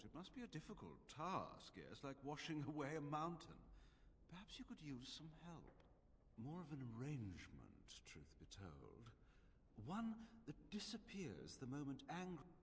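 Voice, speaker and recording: A smooth, haughty slaver magister who talks down to everyone in game dialogue. His pitch rises and falls a lot as he bargains. A long reverb tail hangs on his voice, over a faint hiss. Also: wildly swooping pitch, moderate pace, a bit bright, full character voice. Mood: scheming. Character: condescending scheming male slaver magister.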